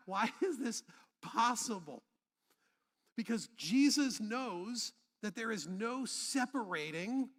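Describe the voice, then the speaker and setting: A man pastor delivers a sermon in a high, bright voice, conversational and laced with humor. He pulls the congregation into call-and-response. His words ring out with the long reverb of a church hall. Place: church sanctuary.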